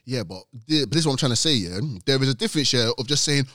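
A man's voice: mid-range voice, expressive, pushed and bright, no echo, clean studio sound. A man co-hosting a casual podcast, making his case insistently and acting out the people he quotes. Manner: quick, insistent, acts out quoted speakers. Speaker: podcast co-host.

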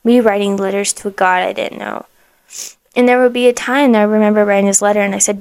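A woman hosting a podcast tells her personal faith testimony in an emotional way, full of "like" fillers, sometimes dropping to a hushed whisper. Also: mid-range voice, fairly even intonation, fast, smooth, no room sound. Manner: emotional, heavy use of "like" fillers; drops to a hushed whisper in moments of prayer. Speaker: podcast host.

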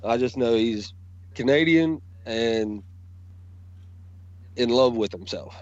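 A man's voice: mid-range voice, animated, slow pace, a little mellow, highs cut off. A man, talking bluntly and profanely as a guest in a casual chat about wrestling promos.

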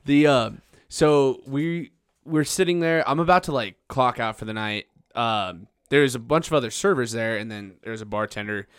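A man in his twenties, a podcast host, telling a story casually, laughing and loudly acting out what people said. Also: medium pitch, moderate pace, smooth, no echo, studio quality. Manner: animated, laughing, acts out quotes loudly.

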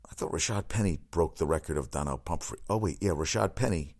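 A man hosting a solo sports podcast, talking in a rambling, excitable way with crude asides and frequent self-corrections. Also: a bass voice, quick pace, creaky.

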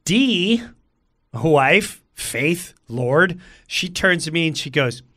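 A high-voiced man spinning a comic story with bright, sharp energy. He jumps into the voices of everyone involved and swears freely along the way. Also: very slow. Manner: lively, acts out every character, swears freely. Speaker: comedian guest.

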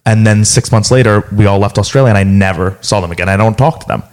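A man's voice: fairly low pitch, fast talker, darkish tone. A young man chatting casually, reflective and earnest, with lots of likes and restarts. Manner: reflective, earnest, many fillers. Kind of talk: casual chat.

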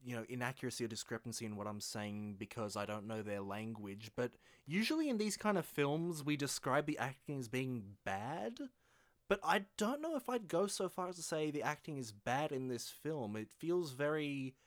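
Man, podcast co-host, measured, hedging, thinking aloud, mid-pitched voice. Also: lively intonation. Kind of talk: casual film-review chat.

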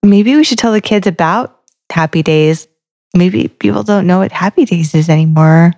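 Low-voiced woman casually picking apart lyrics. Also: moderate pace, a little mellow. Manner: talks through song lyrics line by line, thinking aloud. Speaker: podcast co-host. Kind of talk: casual chat.

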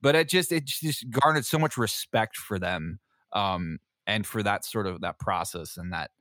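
A man's voice: on the low side, normal speed, a bit bright, no room sound, clean studio sound. A man, a Navy veteran hosting a podcast, telling a story casually with lots of fillers, swearing and laughter. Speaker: podcast host.

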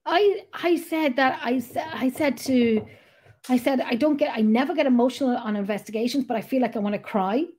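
This is a middle-aged woman, hosting a casual chat. Her voice sits on the high side, and she rambles along and swears freely. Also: a little fast, darkish tone, breathy edge. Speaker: podcast host.

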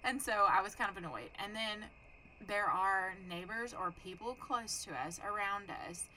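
A young adult woman co-hosting a podcast tells a story in casual, profane chat, animatedly acting out the voices of the people in it. Her voice is mid-range and her pace moderate; the recording is rough, with slight background noise.

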